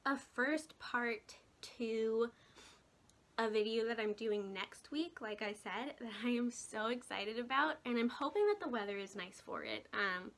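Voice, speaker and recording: A woman's voice: on the high side, lively intonation, a little slow, a bit bright. A young woman vlogger chatting casually to camera, rambling a little and laughing often. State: hiccuping.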